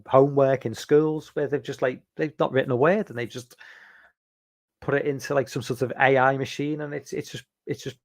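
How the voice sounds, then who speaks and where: A man's voice: mid-range voice, no echo. Casual stream host, male, rambling and restarting, chatting with viewers, dry close sound. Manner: rambling, many fillers and restarts; reads out and answers viewer chat. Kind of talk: casual live-stream chat.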